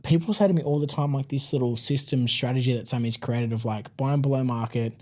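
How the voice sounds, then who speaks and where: Australian male guest, relaxed chatty storyteller, warm mellow tone, mid pitch. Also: fairly quick. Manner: relaxed, chatty, many fillers like "man" and "like". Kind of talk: casual interview storytelling.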